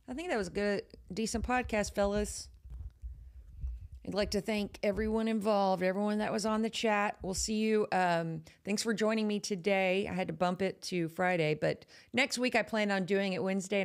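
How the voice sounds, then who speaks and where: A woman's voice: mid-range voice, vocal fry, smooth. A woman with a Texas accent hosting a horror podcast in casual, playful live chat that teases her audience. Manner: chatty and playful, teasing the audience.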